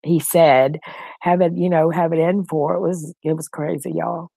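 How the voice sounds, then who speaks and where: Chatty woman, low voice. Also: fairly even intonation, moderate pace, vocal fry, mellow, no echo. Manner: chatty, laughing, talks straight to viewers. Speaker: livestream co-host. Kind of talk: casual live-chat talk.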